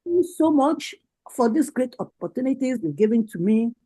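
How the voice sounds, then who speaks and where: A woman's voice: on the high side, big pitch swings, moderate pace, dark tone, slightly rough, poor audio. A Nigerian woman giving a rallying political speech over a video call, with repeated, impassioned calls to action. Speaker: party women's leader giving a speech.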